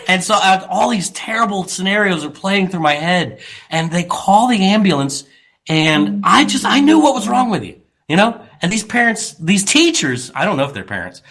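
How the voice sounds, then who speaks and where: A man hosting a radio talk show, telling a story with animated, mocking impressions. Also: high voice, normal speed. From Louisiana, US. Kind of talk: casual radio chat.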